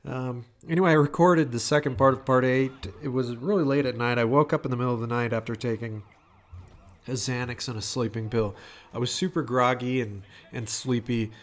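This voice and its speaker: A man's voice: medium pitch, steady tone, brisk. A man talking casually into a home microphone for his audio vlog, rambling with lots of fillers, restarts and swearing. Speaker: vlogger. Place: home room. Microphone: new microphone at home.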